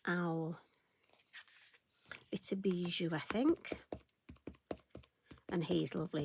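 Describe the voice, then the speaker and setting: Her voice fairly low in pitch, a middle-aged craft tutorial host chats with viewers while stamping a card, cheerfully self-deprecating as she goes. A little hiss or hum sits under the recording.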